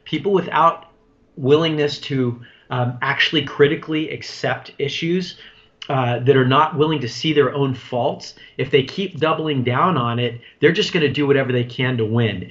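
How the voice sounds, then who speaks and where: A man's voice: medium pitch, fairly bright tone. Earnest male political co-host. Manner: earnest, halting restarts. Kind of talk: political talk commentary. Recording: dull lo-fi recording.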